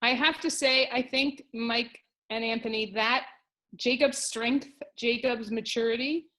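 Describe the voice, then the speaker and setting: A woman's voice: on the high side, steady tone, a little slow, pushed and bright, poor audio. A woman, a wrestler's mother, speaking earnestly as a guest in a casual podcast interview over a video call.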